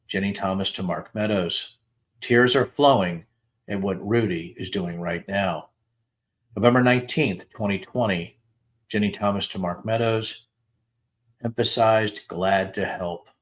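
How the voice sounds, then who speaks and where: A middle-aged man hosting a podcast, reading a long string of text messages aloud, announcing each date flatly before lifting his voice for the quoted lines. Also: lowish voice. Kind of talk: dramatic reading of texts with asides.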